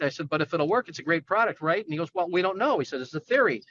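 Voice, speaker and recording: A man's voice: fairly high pitch, animated, fast, a bit bright, no room sound, dull audio. A man telling a long personal story as a guest in casual talk, acting out the people he quotes in a raised voice. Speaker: guest, general contractor.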